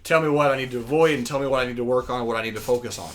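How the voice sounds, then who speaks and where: A man's voice: mid-range voice, very fast, a little hiss or hum. A man presenting an online webinar for kids, chatty and enthusiastic, often restarting his sentences. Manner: enthusiastic, chatty, self-correcting. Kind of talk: casual online teaching for kids.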